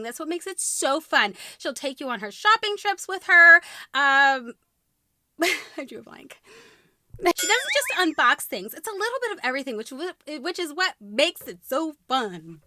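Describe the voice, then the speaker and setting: A woman's voice: high voice, big pitch swings, normal speed, noisy background. A woman hosting her own vlog, chatting casually to camera, bubbly and laughing at her own flubbed lines as she retakes them. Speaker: vlog host.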